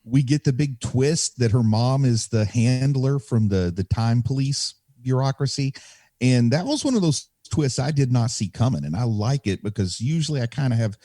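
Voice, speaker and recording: A man co-hosting a podcast, musing in an animated way and trading theories in casual chat. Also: mid-range voice, normal speed, no room sound, clean studio sound. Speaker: podcast co-host.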